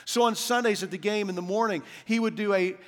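A man preaching a sermon as senior pastor, repeating key phrases in a slow, emphatic cadence. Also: high voice, long reverb tail.

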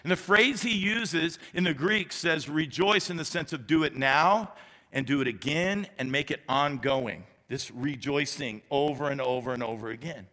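An executive pastor preaches a sermon in a large church sanctuary, his voice bright, forceful and a little high, at normal speed. He addresses the congregation conversationally, relying on emphatic repetition with a light touch of humor. Every phrase trails off in a long reverb.

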